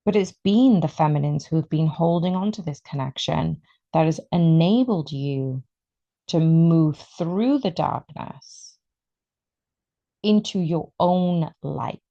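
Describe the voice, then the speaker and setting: A woman giving an excitable, emotional tarot reading, stretching out her words for emphasis. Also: sits low, slow, creaky, dull audio. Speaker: tarot reader.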